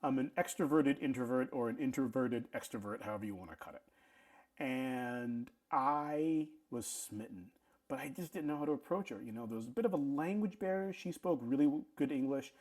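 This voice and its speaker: A middle-aged man telling a casual story, animated, often stammering and restarting his sentences. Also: medium pitch, brisk. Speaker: vlog host telling a story.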